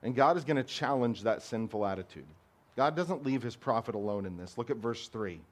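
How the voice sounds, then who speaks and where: A man's voice: mid-range voice, animated, brisk. Earnest man preaching a sermon. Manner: earnest, emphatic preaching with rhetorical questions. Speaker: pastor.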